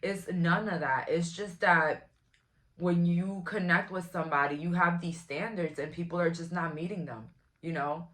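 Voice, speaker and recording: A woman's voice: lowish voice, fairly even intonation, normal speed, fairly bright tone. A woman, giving a casual, frank tarot reading to camera in a chatty, blunt way. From Brooklyn, New York. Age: 20s. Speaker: tarot reader.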